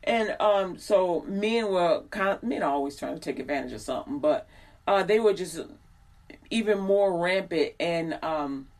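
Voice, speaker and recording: A woman's voice: on the low side, lively intonation, a little slow, darkish tone. A woman in her forties telling a personal story in a casual, rambling way, acting out the people she quotes. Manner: chatty, digressive, acts out quoted people. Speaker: host.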